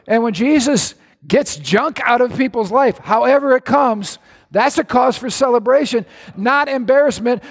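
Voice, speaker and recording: A male pastor preaching a sermon in a church, animated and emphatic, with sudden bursts of shouting and playful mimicry. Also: very high-pitched, moderate pace, vocal fry. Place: church hall. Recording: echoey church hall.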